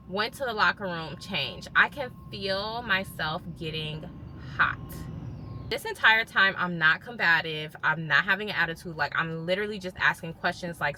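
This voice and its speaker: Vlogger, woman, lower voice with a bright, sharp edge, chatty storytime delivery. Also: moderate pace, slight background noise. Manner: animated retelling, quotes others' words. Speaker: lifestyle vlogger. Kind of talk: casual storytime monologue.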